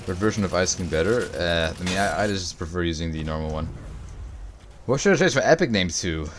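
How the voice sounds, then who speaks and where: A young man livestreaming a video game, chatting with viewers, swearing and reacting loudly to the game. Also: deep voice, expressive, fairly quick, slight background noise. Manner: profane, reacts loudly to the game, answers chat. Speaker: streamer. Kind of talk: casual gaming livestream chat.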